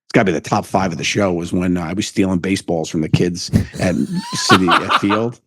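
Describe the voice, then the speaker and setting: A middle-aged man telling stories as a comedian guest in a casual interview, animated and acting out what people said. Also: deep voice, very noisy. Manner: fast, animated storyteller who acts out quotes.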